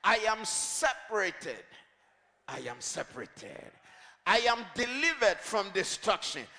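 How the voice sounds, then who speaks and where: High, gravelly man preaching in a hall. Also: sing-song, slow. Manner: emphatic, builds to shouted declarations; leads the congregation in repeating lines. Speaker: pastor. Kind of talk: sermon with call-and-response. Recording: long reverb of a large hall.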